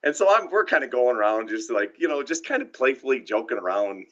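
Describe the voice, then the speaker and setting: A man's voice: mid-range voice, big pitch swings, brisk, a bit bright. A man casually telling a rambling story on a live stream, often restarting his sentences and laughing. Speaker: podcast co-host. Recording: dull lo-fi live stream audio.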